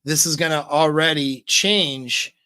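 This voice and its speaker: Guy coaching ya on your voice, bright and kinda high, chill chatty tone, dry close sound. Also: clear, resonant tone, no room sound. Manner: relaxed, conversational, slows down to demonstrate. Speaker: dating and voice coach. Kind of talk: casual advice talk.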